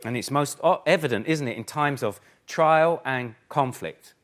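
A man preaching a sermon, emphatic, full of rhetorical questions, swinging between forceful and hushed. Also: mid-range voice, expressive, normal speed. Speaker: pastor.

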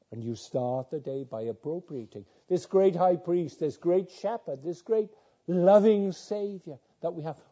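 Dark-toned, slow-speaking man preaching a sermon. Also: medium pitch. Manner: earnest, repeats words, rises to fervent climaxes. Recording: dull lo-fi sound.

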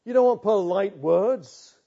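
High-voiced urgent preacher, dull recording. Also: male voice, slow pace, vocal fry. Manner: urgent, swinging from loud warnings to hushed asides. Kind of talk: sermon.

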